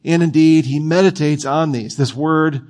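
A man's voice: on the high side, moderate pace, a little mellow. A man preaching a sermon in a conversational, playful way, with asides to his listeners.

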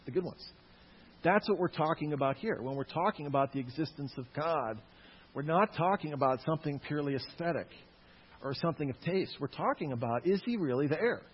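A man's voice: a little high, animated, brisk, slightly rough. A man lecturing a live audience on Christian apologetics, with jokey asides to the crowd. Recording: echoey hall, dull lo-fi sound.

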